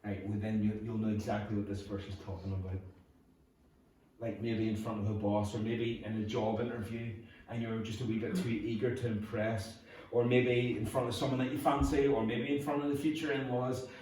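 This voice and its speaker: A man's voice: on the low side, little pitch movement, fairly quick, a little mellow, slight background noise. A man with a Northern Irish accent preaching a humorous, conversational sermon as pastor. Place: church hall. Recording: echoey hall from far off.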